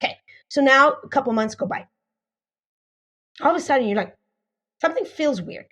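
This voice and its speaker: A woman coaching on dating, her high voice leaping all over as she acts out little scenes. She talks emphatically and repeats herself for effect. She swears casually along the way. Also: animated, a little fast, pauses often, fairly bright tone. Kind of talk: animated teaching with acted-out stories.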